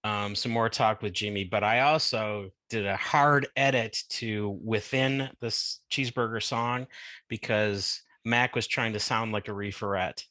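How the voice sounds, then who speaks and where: Bright-voiced man recapping a concert. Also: fairly low pitch, steady tone, measured pace, dry recording. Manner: chatty, full of fillers. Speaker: podcast host. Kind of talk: casual podcast recap.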